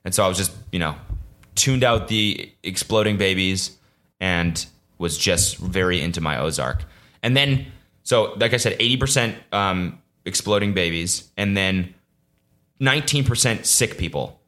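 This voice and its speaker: A young man with a low voice talks off the cuff on his own podcast. He rambles and swears freely and sounds exasperated. Now and then he jumps into mocking voices. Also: animated, measured pace, fairly bright tone. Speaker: podcast host. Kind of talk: casual solo podcast rant.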